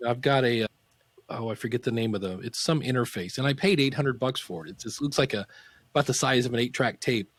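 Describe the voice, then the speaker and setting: A middle-aged man chats as an interview guest, with a middle-range voice. He tells stories with gusto and jumps high in pitch to act out quotes. The sound is dry and close, with no room around it. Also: fast, no echo. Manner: animated anecdotes, acts out quotes with pitch jumps. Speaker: podcast guest, podcasting teacher. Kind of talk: casual storytelling interview.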